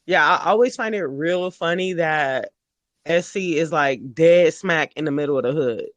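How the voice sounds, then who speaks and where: High playful male podcast host. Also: normal speed, no room sound. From Los Angeles. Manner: animated, playful, acts out quotes in funny voices. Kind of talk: casual interview chat.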